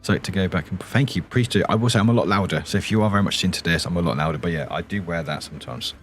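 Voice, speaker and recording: A man chatting softly on a stream in his deep morning voice, rambling and chuckling often. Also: very fast, a little hiss or hum. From England. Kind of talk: soft-spoken casual stream chat.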